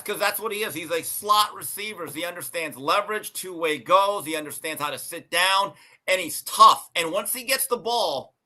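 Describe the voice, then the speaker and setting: High, bright-voiced man talking sports. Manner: animated, emphatic storyteller, swears freely. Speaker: sports show host. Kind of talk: casual sports talk.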